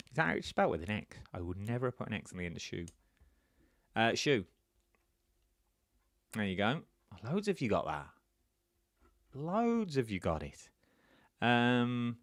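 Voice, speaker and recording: Chatty quiz host, man, animated pitch, teasing, dry close mic. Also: no room sound. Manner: chatty, repeats answers, teasing. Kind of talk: live-stream quiz hosting, casual chat. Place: indoors, seated at home.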